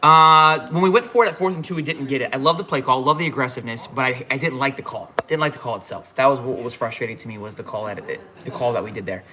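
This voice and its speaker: A man's voice: mid-range voice, quick pace, few pauses, crowd noise. A tipsy man hosting a live halftime reaction stream, fired up and rambling with frequent restarts. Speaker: fan livestream host.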